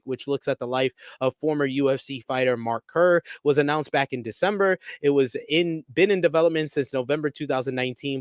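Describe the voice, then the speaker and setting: A man's voice: medium pitch, no room sound. A man hosting a podcast, reading out wrestling news steadily with small stumbles. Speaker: podcast host.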